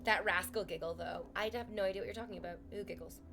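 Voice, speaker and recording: A woman's voice: mid-range voice, quick pace, over music. A woman streaming from home, chatting casually with her viewers in a sarcastic, teasing way and swearing freely.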